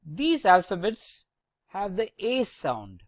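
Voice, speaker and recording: A French teacher giving a slow, deliberate lesson, spelling out each letter with careful emphasis. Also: medium pitch, big pitch swings, dry recording.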